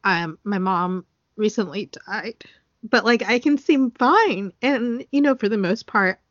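A woman's voice: medium pitch, unhurried, no echo, lo-fi sound. A woman co-hosting a podcast in casual chat, earnest and emotional, talking with many fillers and getting teary. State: tearful. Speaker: podcast co-host.

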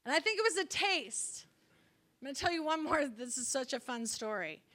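Bright high-voiced woman preaching. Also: moderate pace. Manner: animated storytelling, laughing often. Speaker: guest speaker. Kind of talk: sermon. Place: prayer room.

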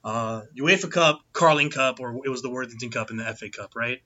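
A man hosting a podcast in casual chat, breaking into loud chant singing as he tells stories. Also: medium pitch, a little fast, muffled recording. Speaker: podcast host.

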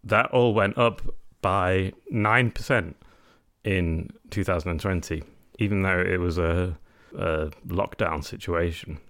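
Tipsy male podcast co-host, deep-pitched, halting and loose delivery. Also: fairly bright tone. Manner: rambling, many fillers and restarts. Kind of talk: casual chat about news.

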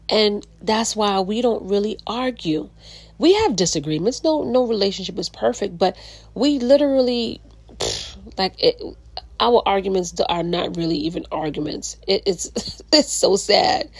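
A woman's voice: medium pitch, creaky, husky, dry recording. A woman podcast host talking casually about relationships, chatty and full of fillers, restarts and laughter.

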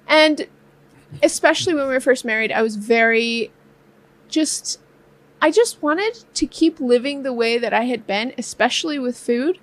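A woman co-hosting a casual chat with her husband, telling a story in an animated, playful way with frequent laughter and acted-out quotes. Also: sits high, moderate pace. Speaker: co-host of a couple's channel.

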